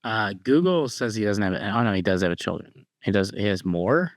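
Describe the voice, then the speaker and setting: Low-voiced joking podcast co-host, man. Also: moderate pace, no room sound. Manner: joking, profane, deadpan asides. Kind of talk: casual chat.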